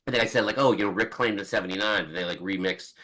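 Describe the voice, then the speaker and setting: Fast-talking bright-voiced male author. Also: fairly low pitch, low-quality recording. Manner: rambling, fast, full of restarts and quoted asides. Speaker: author guest. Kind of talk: casual podcast interview.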